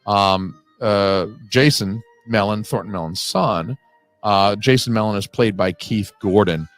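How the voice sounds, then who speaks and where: A man's voice: lowish voice, measured pace, soft background music. A man hosting a casual audio commentary on a film, talking in a rambling, analytical way with the odd swear word.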